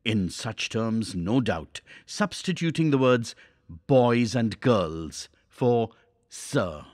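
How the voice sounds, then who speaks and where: A man reading a classic novel aloud for a class, measured and expressive. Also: medium pitch, no echo, studio quality. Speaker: teacher.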